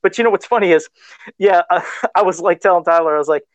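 A man's voice: sits high, quick pace, no room sound. A man co-hosting a casual live stream about toys, talking in a rambling, chatty way full of fillers. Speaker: co-host of a toy-collecting live show.

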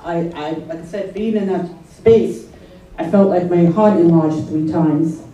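A woman's voice: lowish voice, steady tone, unhurried, dark tone. A woman telling a personal story to an audience in a conversational way, often checking in with her listeners. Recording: echoey room from far off, faint noise.

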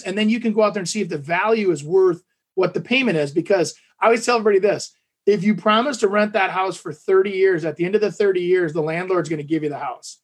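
A man's voice: sits high, fast, a bit bright, slightly rough. A man co-hosting a casual podcast chat, a talkative storyteller with lots of fillers and restarts. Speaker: podcast co-host.

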